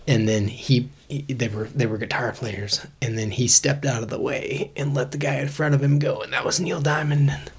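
Man, forties, podcast co-host, casual chat, laid-back storyteller, mid pitch. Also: steady tone, normal speed, vocal fry, a little hiss or hum. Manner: laid-back storytelling, says dude and bro.

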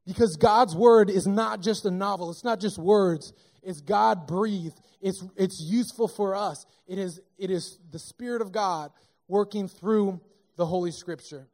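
A man with a notably high voice delivers a sermon in a church. He preaches in an animated, casual way, joking with the congregation as he teaches. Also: unhurried. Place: church sanctuary.

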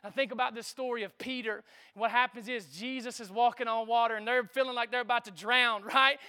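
High, bright-voiced preacher. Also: male voice, a little fast, clean tone. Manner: lively preaching with call-and-response asides. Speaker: pastor. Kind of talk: sermon.

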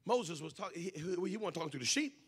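High raspy shouting preacher man. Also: lively intonation, fast, no echo. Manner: shouting, sing-song preaching cadence with "uh" breaths. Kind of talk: sermon.

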